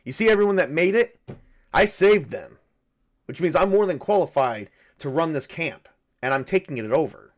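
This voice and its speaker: A man's voice: fairly high pitch, expressive, normal speed, voice pushed up, close to an everyday voice. A man voicing a brash, domineering middle-aged army sergeant who gives orders and takes command. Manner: bossy and commanding.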